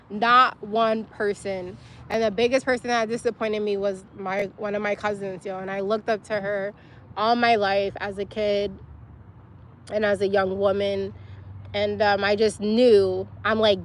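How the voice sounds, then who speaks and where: A young woman livestream host vents angrily in a profane, emotional personal vlog. Her medium-pitched voice moves little in pitch and keeps a normal speed, with slight background noise present.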